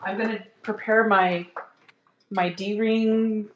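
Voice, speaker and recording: A woman chatting while she sews, explaining her steps with excited giggles. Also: medium pitch, slow, echoey room, muffled recording, a little hiss or hum. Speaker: guest sewing along.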